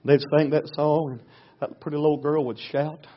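A man, a pastor preaching a storytelling sermon in a folksy way, going from hushed to loud. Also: on the high side, flat delivery, a little fast. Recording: dull lo-fi recording.

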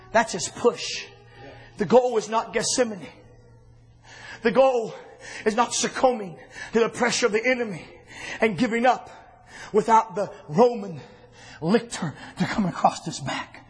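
A man preaching a sermon to his church, telling the story with fervor and often building to impassioned shouting. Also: sits high, moderate pace, pauses often, slightly rough, poor audio.

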